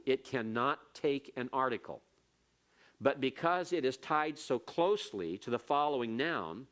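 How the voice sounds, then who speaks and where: A man's voice: mid-range voice, fairly bright tone. A man teaching Hebrew grammar in a classroom lecture, explaining patiently step by step and repeating key points.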